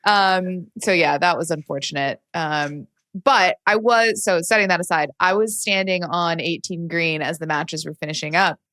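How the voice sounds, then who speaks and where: A woman's voice: lowish voice, fairly even intonation, normal speed, a bit bright, no echo. An American woman co-hosting a podcast, chatting casually and telling stories with easy laughs. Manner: chatty storyteller, laughs easily. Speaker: podcast co-host. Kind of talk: casual chat.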